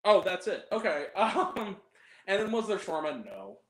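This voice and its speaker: A man's voice: high-pitched, big pitch swings, normal speed, a bit bright, echoey room. A man hosting a movie review podcast, chatting casually in a rambling, profane way, full of fillers and giggles. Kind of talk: casual chat.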